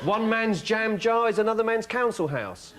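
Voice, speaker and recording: A man's voice: high voice, expressive, moderate pace, a crowd in the background. A man trading laconic, absurd quips as a team captain on a TV panel show. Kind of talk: improvised comic banter. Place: TV studio with live audience. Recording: old TV broadcast with loud hiss.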